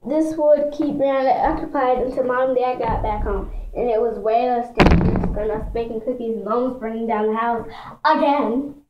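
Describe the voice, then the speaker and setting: A woman's voice: on the high side, moderate pace, roomy sound, highs cut off, background noise. A woman reading a children's book aloud in a chatty way, stumbling over words and adding asides for her listeners. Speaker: reader.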